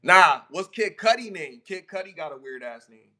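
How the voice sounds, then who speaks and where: Excitable slangy man on a podcast. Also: sits high, normal speed. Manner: loose, excitable, slangy, swears often. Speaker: podcast co-host. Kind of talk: casual chat.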